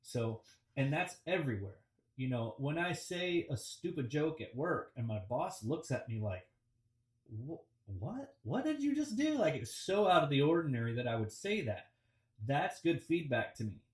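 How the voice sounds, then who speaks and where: A man gives a relaxed, reflective coaching talk about public speaking on a video call, often pausing with ums and restarting his sentences. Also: medium pitch. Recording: roomy and distant from the mic.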